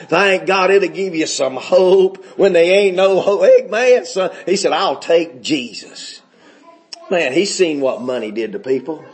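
A preacher with a high-pitched voice delivers a folksy sermon, chuckling between points and building up to shouts. His voice rings around an echoey church sanctuary. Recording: echoey room.

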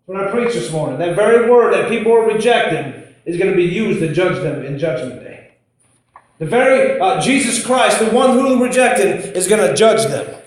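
Male preacher, higher voice, folksy storytelling sermon, heavy room echo. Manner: conversational, storytelling, repeats himself. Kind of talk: informal sermon. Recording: very echoey room.

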